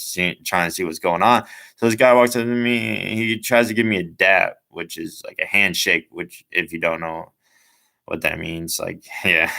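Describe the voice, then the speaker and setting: A young man in his twenties tells a story from his own life in a loose, rambling way, full of fillers and side remarks. His voice sits low and has a gravelly fry. It also carries a bright, forward edge. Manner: rambling, many fillers and asides. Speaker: vlogger. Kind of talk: casual personal storytelling.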